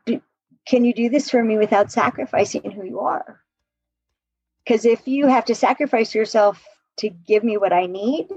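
A woman relationship coach telling stories in an animated way, laughing often and acting out quotes in a podcast conversation. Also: a little high, husky, no echo, muffled recording.

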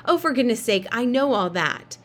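A woman's voice: on the high side, big pitch swings, normal speed, fairly bright tone. A woman reading aloud and voicing a bossy young girl who bickers with her little brother in an exasperated, scolding way.

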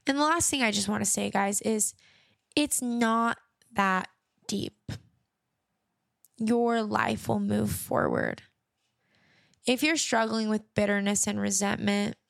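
Slow, earnest young woman podcaster. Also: medium pitch, creaky, no room sound, studio quality. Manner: earnest, slow and reassuring, repeats phrases. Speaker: podcast host. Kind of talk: personal faith talk to listeners.

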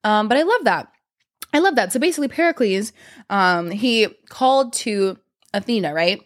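A woman's voice: medium pitch, lively intonation, normal speed. Young woman rambling on her show, lots of likes and ums, chatty and loose. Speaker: podcast host. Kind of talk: casual monologue.

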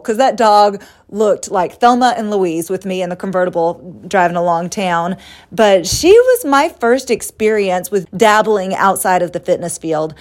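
A middle-aged woman from the United States hosting a podcast, telling personal stories in a candid, animated way and acting out quoted lines. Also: medium pitch. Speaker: podcast host. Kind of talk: personal storytelling monologue.

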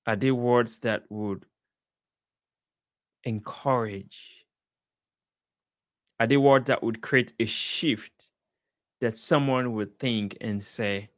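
A father speaking earnestly about the power of words, encouraging listeners with measured emphasis and repeated points. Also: mid-range voice, no room sound, studio quality. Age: adult, father of a young child. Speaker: speaker sharing life advice. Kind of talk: slow inspirational talk.

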